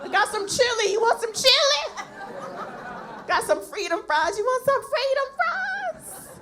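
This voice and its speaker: A woman's voice: extremely high pitch, big pitch swings, unhurried, sharp tone, some chatter behind, slight background noise, voice pushed up, heavily acted. A woman comedian voicing a doting, motherly cook who fusses over soldiers with a sing-song hostess voice. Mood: fussing.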